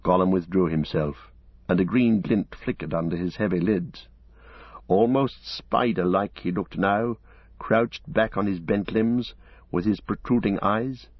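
A man narrating a story in a measured, expressive storytelling manner. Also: sits low, breathy edge, no echo, dull audio. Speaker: audiobook narrator. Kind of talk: scripted narration.

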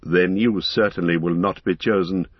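Storybook role: man voicing an ancient male wizard, grave and commanding, lowered husky voice, dull dry recording. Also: steady tone, no echo. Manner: grave, measured, authoritative.

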